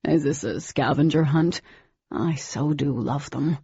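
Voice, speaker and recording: A woman's voice: sits low, a little slow, creaky, dark tone, husky, dry recording, highs cut off, full character voice. A woman voicing a young male alien hero, cocky, sarcastic and protective, who talks with defiant intensity.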